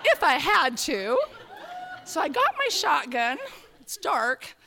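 A woman telling a personal story on stage, animated and acting out her own thoughts in quotes. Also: high voice, slow, vocal fry, big-room sound.

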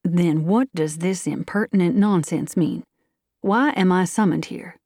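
A cautious, timid man given to sudden indignant outbursts, as a woman reader puts him on. The voice is low and gravelly with a dark tone, recorded close and dry. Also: a little slow, no room sound. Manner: guarded, then indignant.

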